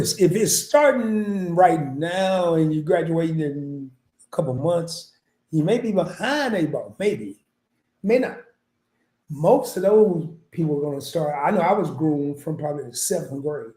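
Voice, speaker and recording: A man's voice: on the high side, mellow. A man from small-town Arkansas, telling a rambling, laughing story on a podcast. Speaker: podcast guest. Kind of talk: casual storytelling chat. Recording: echoey room.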